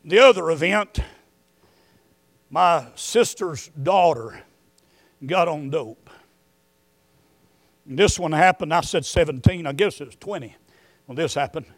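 Male preacher, middle-aged, high voice, unhurried, dry close sound. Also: no room sound. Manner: swings from quiet storytelling to shouted emphasis. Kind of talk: sermon.

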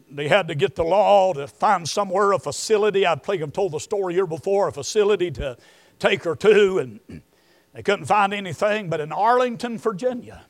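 A middle-aged man preaching a sermon, moving between quiet storytelling and shouted emphasis. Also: high-pitched, no room sound.

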